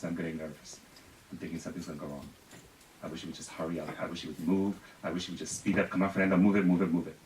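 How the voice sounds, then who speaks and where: A man from Spain telling a personal story live on stage, wry and self-deprecating with quick asides. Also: deep voice. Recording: echoey room, distant mic, faint noise.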